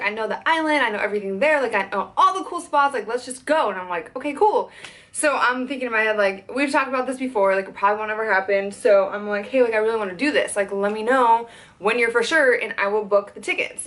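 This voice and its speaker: A young woman venting in a fast, worked-up storytime vlog, swearing as she tells it. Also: on the high side, a bit bright. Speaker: content creator.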